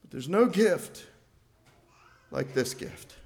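An older man delivers a sermon at an unhurried pace, working up to loud, emphatic phrases before sinking into a quiet, low delivery.

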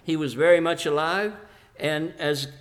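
High-voiced man preaching a sermon. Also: steady tone, a little slow. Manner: earnest, addresses the congregation directly; storytelling retelling of a scripture passage.

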